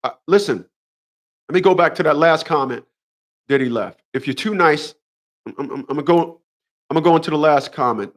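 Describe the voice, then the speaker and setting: Man in his fifties, host, casual livestream monologue, emphatic, preachy, repeats himself, slightly higher voice. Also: a little fast, long pauses. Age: 50s.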